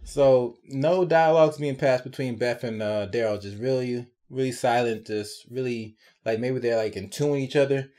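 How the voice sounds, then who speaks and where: A man giving a casual, sarcastic recap and review of a TV episode, chatty and animated, tagging his points with quick check-ins to the viewer. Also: medium pitch. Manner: chatty, animated, sarcastic asides with frequent tag questions.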